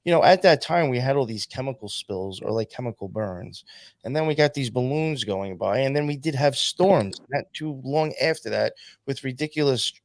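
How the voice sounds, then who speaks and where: A man's voice: medium pitch, expressive, normal speed, no room sound. A man hosting a podcast and reading chat, rambling with many fillers. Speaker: podcast host.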